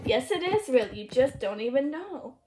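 A woman's voice: high-pitched, very animated, normal speed, roomy sound. A woman voicing a young male leader of the pups in a noisy home recording, instructing and scolding. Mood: firm.

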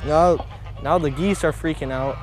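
A young man vlogging while he fishes at a pond, talking casually to his viewers, easily excited and repeating himself a lot. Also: fairly high pitch, normal speed, background noise. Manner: excitable, repeats himself, keeps saying "guys" and "oh my gosh". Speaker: fishing vlogger. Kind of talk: casual outdoor vlog commentary. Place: outdoors at a pond.

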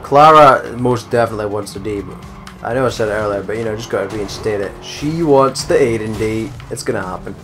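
A man's voice: on the low side, fast, sharp tone, soft background music. A man giving casual, rambling gameplay commentary, swearing a lot and joking around. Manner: swearing, rambling, jokey, breaks into song. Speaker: let's play gamer.

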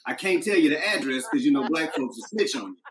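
Male comedian guest, higher voice, animated and laughing, roomy video-call sound. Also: fast talker, a crowd in the background. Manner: animated, laughing through jokes, acting out voices. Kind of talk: stand-up bit on a video call show. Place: his house.

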